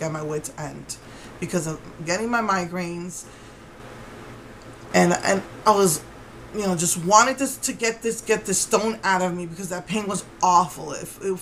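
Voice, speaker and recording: A woman's voice: fairly low pitch, a bit bright, a little hiss or hum, rough recording. A woman vlogger telling a story to camera in an indignant, rambling way with many restarts.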